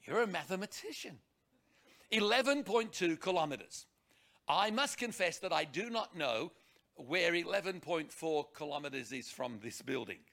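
A man preaching a sermon to a congregation, emphatic and animated, with rhetorical questions and repeated words. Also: fairly high pitch, normal speed, creaky.

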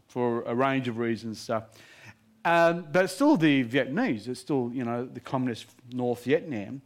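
A male preacher telling a story in a sermon, lively and animated, often laughing between lines. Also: fairly high pitch.

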